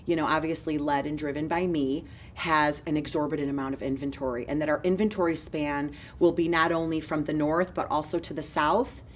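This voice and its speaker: In an interview, a woman in her forties with a low voice recounts how she came to run her own real estate company. She's energetic, jumping rapidly from one thread of the story to another, while a faint hum lingers behind her.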